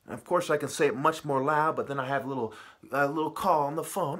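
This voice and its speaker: A man in a profane, preachy ranting monologue, swinging from muttering to shouting. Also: a little high, fast. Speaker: vlogger.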